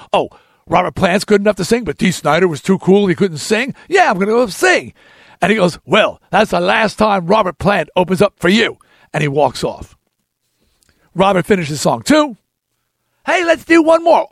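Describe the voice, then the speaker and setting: Host, male, 60s: high, gravelly, lively storyteller who rants and acts out every character, dry close sound. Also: dry recording. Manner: ranting, acts out other people's lines. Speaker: podcast host telling a story. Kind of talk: animated storytelling.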